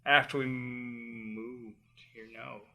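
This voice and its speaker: Speaking slowly in a medium-pitched voice, a tricking coach tells a personal story in a casual conversation. He's animated, laughs a lot and swears freely.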